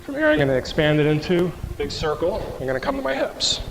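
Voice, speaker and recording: A man's voice: fairly high pitch, big pitch swings, fast, creaky, in a large hall. A man teaching a qigong and mobility rehab class, patiently talking the group through each movement and asking them questions. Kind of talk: guided exercise class instruction. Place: rehab class room with floor tiles.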